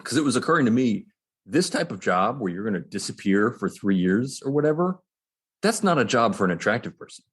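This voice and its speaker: A man co-hosting a podcast, sharing opinions in a relaxed, casual chat. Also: fairly low pitch, brisk, breathy edge. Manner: relaxed, opinionated, thinking aloud. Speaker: podcast co-host.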